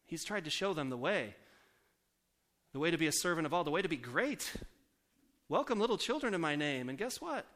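A man preaching a sermon in a conversational way, asking the congregation questions and slowing down to softly repeat scripture. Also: fairly high pitch, very animated. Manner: slows down and softens for scripture quotes.

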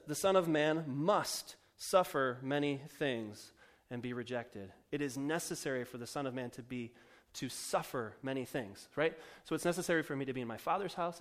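A male pastor preaching a sermon in a chatty, joking, self-mocking way with fillers. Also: mid-range voice.

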